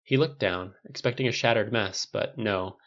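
A man reading a fan fiction audiobook aloud as narrator, in a measured storytelling delivery. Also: lowish voice, fairly bright tone. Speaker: audiobook reader. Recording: slightly dull lo-fi recording.

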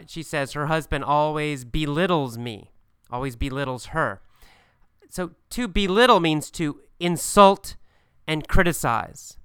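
Clear-voiced man teaching vocabulary. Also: mid-range voice, sharp tone, no room sound. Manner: slow, clear, repeats key words with simple examples. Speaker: English teacher. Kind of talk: vocabulary lesson for learners.

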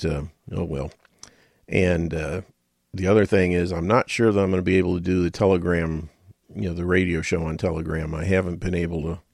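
A man's voice: deep voice, vocal fry, a little mellow, husky, dry recording, studio quality. A middle-aged man hosting a radio talk show, rambling in a folksy way with chuckles and muttered asides.

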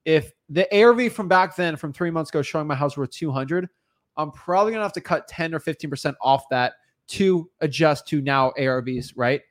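A man's voice: on the high side, a little fast. A man in casual coaching talk, explaining how he adjusts prices, chatty and full of "like.". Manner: casual and chatty, uses many "like" fillers.

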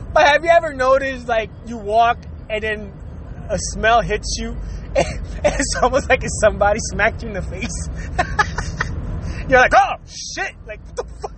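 A man's voice: very high-pitched, expressive, takes it slowly, long pauses, noisy background. A man hosting his own show, rambling through a profane comic rant and laughing between lines, often repeating and restarting words. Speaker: podcast host. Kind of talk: casual comedic rant.

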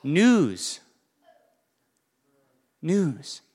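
Male preacher, earnest sermon voice, slightly high, soft then forceful. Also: very animated, very slow. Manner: earnest, swings from soft to emphatic.

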